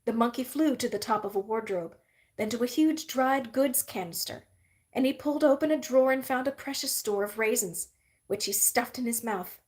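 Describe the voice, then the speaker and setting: A woman reading a novel aloud in a steady, even narrating manner. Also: on the high side, moderate pace. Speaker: reader. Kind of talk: audiobook-style novel reading.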